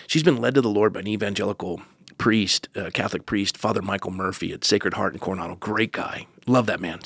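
A pastor, telling a personal story as a podcast guest, earnest with joking asides. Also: male voice, fairly low pitch, vocal fry, husky, dry recording, studio quality. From United States.

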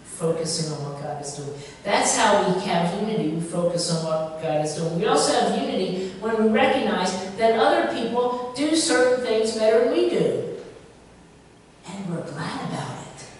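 A woman pastor giving a conversational sermon, lively and full of rhetorical questions. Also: mid-range voice, normal speed, slight background noise. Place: church sanctuary. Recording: echoey church hall from far off.

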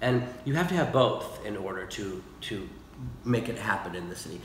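A man's voice: fairly low pitch, expressive, normal speed, roomy sound, slight background noise, poor audio. A man with a fever co-hosting a casual chat, rambling and restarting his sentences. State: sick with a fever. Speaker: podcast co-host.

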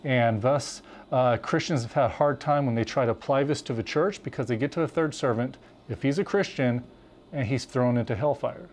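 Male Bible teacher, mid pitch, earnest and emphatic, speeds up and slows down to stress points. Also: a little mellow, slight background noise. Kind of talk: teaching conversation, preaching.

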